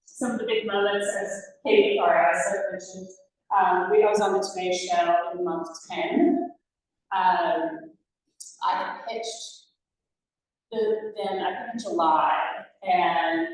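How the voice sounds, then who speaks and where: A woman's voice: medium pitch, slight background noise. Woman, middle-aged, entrepreneur giving a talk, rambling with fillers, far from the mic, very echoey room. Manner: rambling, many fillers and self-corrections. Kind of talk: casual presentation to an audience.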